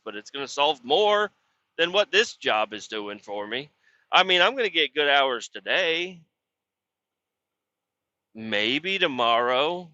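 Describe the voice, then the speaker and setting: A man who drives a truck rambles through a casual podcast monologue, grumbling and cursing about work. His voice is sharp and very bright. The recording is dry and dull, with a lo-fi edge. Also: a little high, no echo. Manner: profane, grumbling and frustrated, with many fillers. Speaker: truck driver hauling water; podcast host. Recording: dull lo-fi sound.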